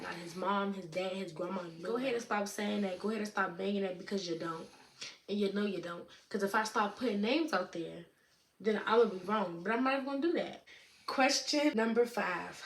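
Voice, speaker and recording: A young woman in her late teens chatting casually to camera, answering viewer questions in a relaxed way, with lots of "you know what I'm saying.". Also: mid-range voice, fairly quick. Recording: echoey room with faint noise.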